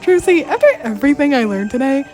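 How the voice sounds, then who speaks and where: An earnest young defense attorney voiced by a woman, sitting high in pitch and swinging expressively. He speaks sincerely and gets easily moved. Light music plays underneath. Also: lively intonation, fast, a little mellow. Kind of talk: fan voice dub.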